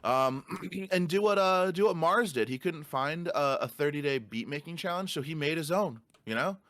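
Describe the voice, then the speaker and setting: A man's voice: a little high, expressive, moderate pace, a bit bright, no echo, clean studio sound. A man co-hosting a podcast in casual chat, swearing freely and ranting through stories. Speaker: podcast co-host.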